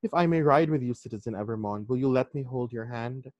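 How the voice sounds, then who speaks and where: A man reading the lines of a frail, gentle young seamstress facing execution, speaking softly and pleadingly. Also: medium pitch, a little fast, no room sound, muffled recording, natural voice. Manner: soft, quiet, pleading.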